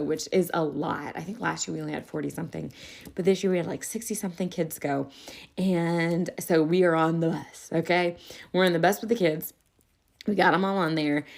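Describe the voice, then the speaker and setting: A woman hosting a podcast, a schoolteacher telling a story in a casual, animated way, laughing often. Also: deep voice, creaky. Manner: animated, laughs often, acts out children's voices. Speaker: podcast host; elementary school teacher.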